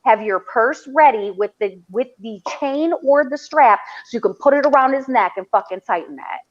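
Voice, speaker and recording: A woman talking in a blunt, profane, animated way, telling stories in a casual podcast chat. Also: fairly high pitch, moderate pace. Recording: dull lo-fi sound.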